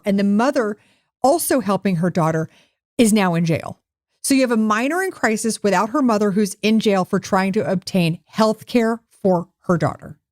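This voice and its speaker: Woman podcast co-host, sarcastic, animated, middle pitch, dry close sound. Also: dry recording. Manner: animated, sarcastic storytelling with jokes. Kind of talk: casual comedic chat.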